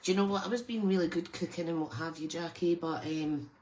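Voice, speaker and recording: A Scottish crafting channel host with a lowish voice talks a little fast during a live stream, chatting casually and welcoming viewers by name as she works. Background noise is audible.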